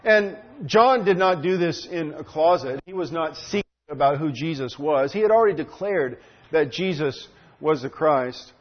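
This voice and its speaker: A man teaching through a Bible passage in an earnest, explanatory way, often pausing with fillers and restarting his sentences. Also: fairly high pitch, lively intonation. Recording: dull lo-fi recording.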